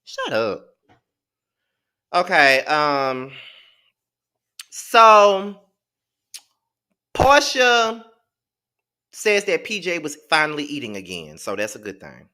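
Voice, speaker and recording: A man's voice: on the high side, very animated, takes it slowly, pauses often, bright, forceful tone. A man hosting a live TV episode review, talking emphatically and repeating himself in exasperation. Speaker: host.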